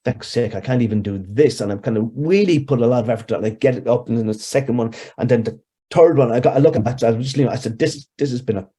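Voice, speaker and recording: Brief: Irish man, 60s, warm husky voice, rambling interview storyteller. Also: medium pitch, fast. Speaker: hypnotherapist guest.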